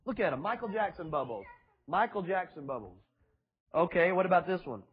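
A man's voice: sits high, animated, fairly quick, slightly rough, highs cut off. A male preacher, preaching a sermon in a mocking, sarcastic way with emphatic repetition, in a church with children present.

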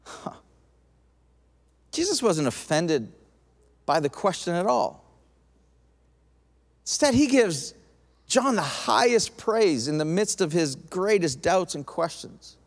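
A male pastor preaching a sermon, acting out quoted voices in an animated way. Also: high voice, slow pace, creaky, pauses often. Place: church auditorium. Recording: long hall reverb.

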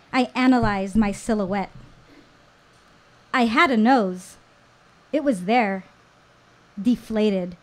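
A thirtysomething woman performs a personal tale at an intimate live show. Warm and a touch high-pitched, she lets the story breathe, drawing out deliberate pauses between lines; it feels like narration with rhythm, not small talk.

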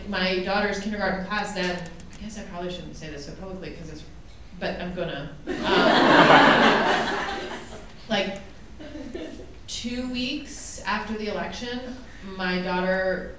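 A woman in her forties tells a story with lively, broken-off sentences and frequent laughter. She sounds far from the mic in a booming hall. A noisy audience laughs around her. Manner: animated, laughing often, self-interrupting. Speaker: panelist, author. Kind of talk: casual storytelling on a panel. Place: large event hall before a live audience. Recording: echoey hall, distant mic, audience noise. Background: crowd laughter.

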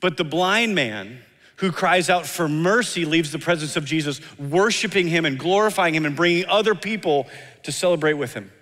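Guy preaching in a church, kinda high voice, earnest, repeats his points, big echo tail. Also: animated, moderate pace, a bit bright. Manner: earnest, acts out quoted voices, emphatic repetition. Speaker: pastor. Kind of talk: sermon. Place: church sanctuary. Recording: long hall reverb.

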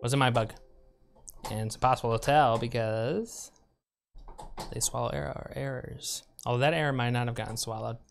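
A man's voice: mid-range voice, fairly even intonation, moderate pace, gravelly, long pauses. A man streaming a game live, making sarcastic jokes and swearing a lot when he gets frustrated. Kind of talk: live gameplay commentary.

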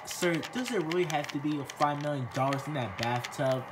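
A man's voice: a little high, a little fast, noisy background, lightly acted. A man voicing a tired, put-upon male butler who sighs and answers deferentially. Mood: weary.

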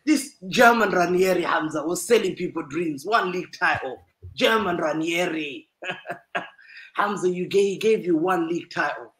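Loud teasing man on a football panel. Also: high-pitched, moderate pace, roomy sound, rough recording. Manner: animated, teasing, laughing often. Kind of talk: loud banter-filled casual chat.

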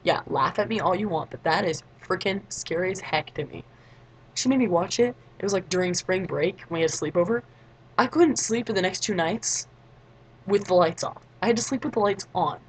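A woman's voice: fairly low pitch, a little fast, a little hiss or hum, poor audio. A teenage girl telling a story in a casual vlog, chatty, acting out other people's lines. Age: late teens. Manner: chatty, acts out quoted voices, frequent "like". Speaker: vlogger.

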